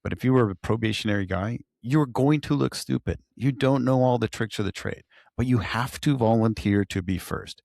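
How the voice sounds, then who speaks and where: Man, gravelly voice, casual podcast storyteller, dry studio sound. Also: medium pitch, moderate pace, dry recording. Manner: storytelling, animated when quoting others. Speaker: podcast co-host, firefighter.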